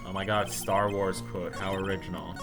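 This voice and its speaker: A man's voice: sits low, level tone, over music. A man reading a courtroom game's dialogue aloud in a playful let's play, joking and punning between lines. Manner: jokey, riffs and puns between lines, quick asides. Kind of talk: playful let's play narration with voiced characters.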